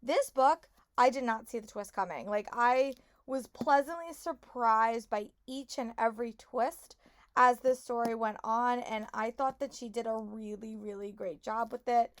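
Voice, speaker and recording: A young woman talking casually in a reading vlog, gushing and repeating herself, her voice hoarse and congested. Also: fairly high pitch, fairly even intonation, measured pace, no echo. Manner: gushing, lots of "like" and repeated "really". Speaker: book vlogger.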